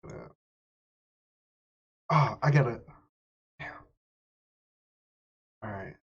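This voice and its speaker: A man streaming live, chatting casually with his viewers, animated and swearing freely as he reacts to a video. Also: medium pitch, very slow, gravelly, breathy edge. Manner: animated, swearing, talks to chat. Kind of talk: casual chat. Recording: dull lo-fi stream audio.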